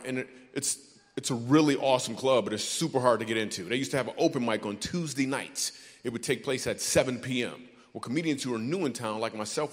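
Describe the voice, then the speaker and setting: A man from Michigan doing stand-up comedy, telling a story with playful asides to the crowd. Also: mid-range voice. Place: large theater stage. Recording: hall reverb on a theater stage.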